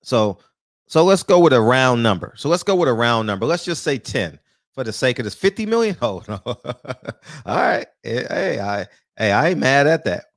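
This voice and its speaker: A man's voice: mid-range voice, sing-song, moderate pace, no room sound, studio quality. A man, hosting a live-streamed boxing talk show, greeting viewers by name in loose, casual chat, swearing easily and laughing often. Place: small room.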